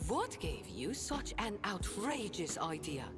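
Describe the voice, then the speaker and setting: A sly, worldly smuggler-trader in a video game, speaking with an accent and a theatrical lilt. Her pitch swoops widely, dropping into hushed, conspiratorial asides. Game music plays clearly behind her. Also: big pitch swings, takes it slowly. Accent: non-standard accent. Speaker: game companion character.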